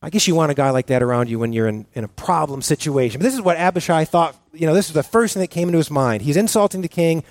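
A man preaching a sermon as pastor, earnest and halting, often restarting his sentences with fillers. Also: fairly high pitch, expressive, darkish tone, dry recording.

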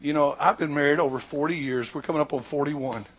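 A man's voice: a little high, quick pace, highs cut off. A man in his sixties, a pastor preaching a sermon in an emphatic, repetitive, conversational way.

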